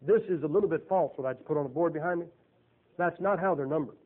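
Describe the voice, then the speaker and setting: A man with a high voice delivers a folksy, emphatic sermon, firing rhetorical questions at the congregation. The recording is thin and tinny, like a phone line. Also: quick pace. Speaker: preacher.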